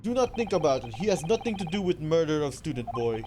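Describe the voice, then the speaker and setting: A streamer voicing a boastful male Russian ship crewman, loud and stern in broken English, with a put-on Russian accent. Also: a little high, very animated, quick pace, background noise.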